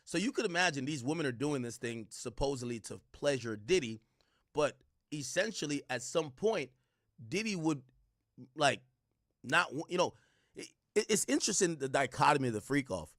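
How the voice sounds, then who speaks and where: Stream host, male, profane and incredulous, animated delivery with a dry sound. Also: on the high side, moderate pace, dry recording. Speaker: livestream host reading court testimony. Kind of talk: casual commentary livestream.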